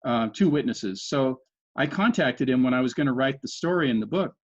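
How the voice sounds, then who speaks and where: An older man in his sixties speaks as a podcast guest in a medium-pitched voice, earnestly walking through events one step at a time. He often stops and restarts his sentences. The recording sounds dull and lo-fi. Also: lively intonation, brisk. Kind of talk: conversational storytelling. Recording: dull lo-fi audio.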